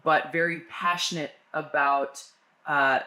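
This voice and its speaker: A woman speaking as an interview guest, earnest and thoughtful, laughing along and pausing to find her words. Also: sits low, steady tone, pushed and bright, reverberant. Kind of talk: casual interview.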